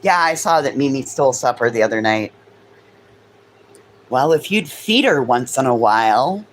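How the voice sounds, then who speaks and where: A woman's voice: lively intonation, normal speed, long pauses, slight background noise, rough recording. A woman chatting casually with viewers, swearing freely. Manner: high sing-song baby talk to her dogs. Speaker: livestream host.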